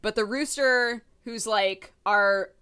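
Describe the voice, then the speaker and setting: A woman chatting casually with her stream while she plays, self-deprecating and quick to laugh. Her voice is bright and clear. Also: mid-range voice. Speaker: game streamer. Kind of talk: casual live-stream chat while playing.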